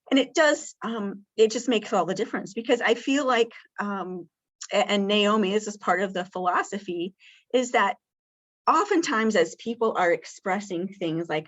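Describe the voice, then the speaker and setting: In a muffled recording, a woman with a mid-range voice runs an interactive training session on communicating with people with dementia. She talks casually and warmly, with many fillers, and acts out possible caregiver lines in a bright, lifted voice.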